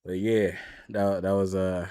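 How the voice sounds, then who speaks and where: A man's voice: low voice, level tone, unhurried, dark tone, a little hiss or hum. A man co-hosting a casual wrestling podcast, laughing often and retelling promos with animation. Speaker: podcast co-host.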